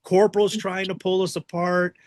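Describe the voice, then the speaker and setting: A middle-aged man hosting a podcast, telling a backstage story in a casual, animated way, swearing freely and acting out the quotes. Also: high-pitched, moderate pace, no echo. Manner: animated, profane, acts out quotes. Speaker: podcast host.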